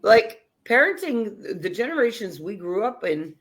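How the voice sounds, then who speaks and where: A woman's voice: medium pitch, very animated, normal speed, soft background music. A woman hosting a casual talk, speaking in emphatic, punchy phrases with blunt, sometimes salty wording. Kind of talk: casual chat.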